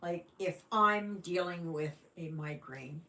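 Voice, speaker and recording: A Canadian woman with a fairly low pitch and a bright, forceful tone hosts a casual stitching stream. She chats at an unhurried pace, rambling with fillers, and greets viewers by reading their comments out loud.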